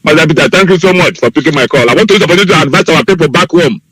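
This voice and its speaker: A man's voice: a little high, racing, a bit bright, slightly rough, no room sound. A man calling into a radio show, pleading fervently and repeating his appeals over a phone line. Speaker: caller. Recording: dry phone call.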